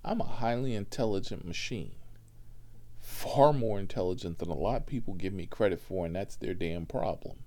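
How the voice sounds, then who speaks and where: A man's voice: low-pitched, moderate pace, darkish tone. A man telling a story about driving a passenger, in an exasperated, profane rant that he aims at his viewers.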